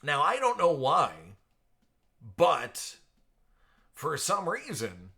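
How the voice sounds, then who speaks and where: A man's voice: on the high side, huge pitch swings, drawn-out words, vocal fry, pushed and bright. A man hosting a casual live stream, chatting with viewers by name and laughing often. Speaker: live stream host for card breaks. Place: at home.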